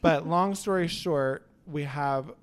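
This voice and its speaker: A man's voice: on the high side, slow. A man hosting a salon podcast, flamboyant and joking, teasing himself and his guests. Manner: flamboyant, joking, self-mocking. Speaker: salon owner and podcast host. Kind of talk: casual podcast chat.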